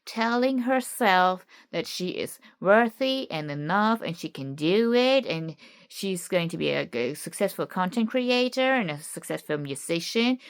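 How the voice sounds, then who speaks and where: A woman's voice: on the low side, clean tone. A German woman with a slight German accent in her English, talking candidly and searchingly in a personal vlog with frequent restarts. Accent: German-tinged English. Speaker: content creator.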